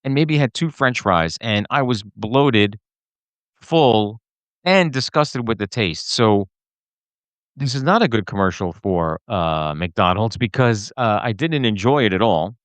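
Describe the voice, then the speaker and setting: A man's voice: on the low side, a little slow, no echo. A man hosting a podcast, ranting casually to camera with lots of fillers and restarts. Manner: animated, rambling with many fillers and restarts. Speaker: podcast host. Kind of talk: casual solo rant to camera.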